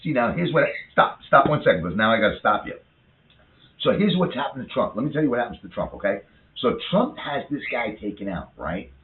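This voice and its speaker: A man's voice: mid-range voice, sing-song, a little hiss or hum. A man in his fifties in a rambling, swearing casual chat about politics. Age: 50s. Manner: rambling, swearing, quick to rant. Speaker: co-host. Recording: echoey room on a tinny phone-like line.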